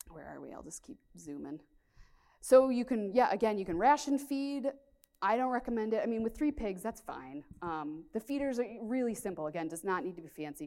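Casting: plain-spoken woman farmer, slightly low voice, conference presenter, frank and practical. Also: dark tone. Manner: candid, frank, many "um" fillers. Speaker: pig farmer giving a conference talk.

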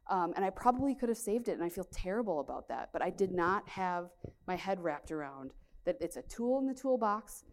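A woman's voice: fairly low pitch, sing-song, brisk. A woman farmer presenting a conference talk with slides, speaking candidly with many fillers.

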